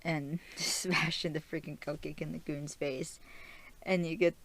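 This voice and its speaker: A woman's voice: low voice, flat delivery, unhurried, a bit bright. A young woman hosting a podcast and recapping a TV episode in a rambling, casual chat full of fillers and laughs. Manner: chatty and rambling, with many fillers and frequent laughs. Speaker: podcast host.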